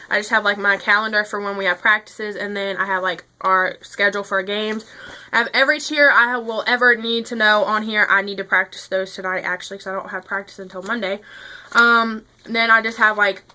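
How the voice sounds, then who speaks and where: Bright chatty teen girl vlogger. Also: mid-range voice. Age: teens. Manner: chatty, rambling, many fillers. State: out of breath. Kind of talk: casual chat to camera.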